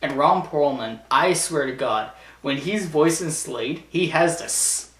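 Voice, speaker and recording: A man's voice: fairly high pitch, a little slow. A man chatting casually on his vlog, rambling with lots of stammered restarts. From Canada. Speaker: vlogger. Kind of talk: casual chat, ranking TV shows. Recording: echoey room, mic at a distance.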